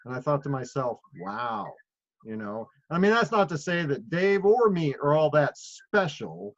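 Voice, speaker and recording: Leading a sales group call, a middle-aged man tells stories in a casual, rambling way, packed with fillers. His voice is slightly high and very animated, though his pace stays measured. It comes through a phone or video call, so the audio sounds muffled.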